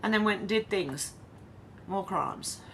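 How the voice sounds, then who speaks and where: This Australian woman's mid-range, slightly bright voice moves a little slowly with lively intonation, and there is a little hiss or hum. On her casual livestream she reads out chat comments in a tired, wry manner.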